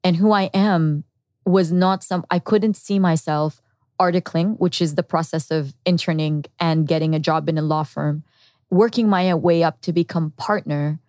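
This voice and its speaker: This is a woman speaking as a podcast guest, recounting her own story in an earnest, reflective way. Her voice sits on the lower side. The recording is dry and close, with no room sound. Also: fairly even intonation, normal speed, darkish tone, no echo. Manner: earnest and reflective, with quoted inner thoughts. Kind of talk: candid personal storytelling.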